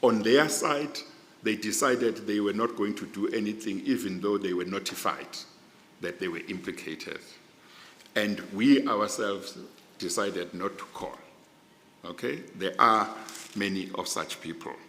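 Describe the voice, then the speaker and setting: Slow deep-voiced judge. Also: male voice, fairly bright tone. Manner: deliberate, careful, fond of restating points. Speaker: interviewee judge. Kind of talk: formal measured explanation. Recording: long reverb in a large hall.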